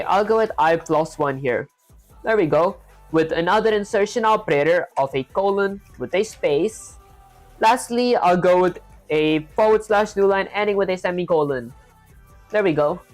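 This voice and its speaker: A woman's voice: on the low side, darkish tone. A woman with an accent hosting a live coding stream, talking through her code step by step and greeting viewers. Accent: non-native English accent. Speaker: coding livestream host. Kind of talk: live coding tutorial, thinking aloud.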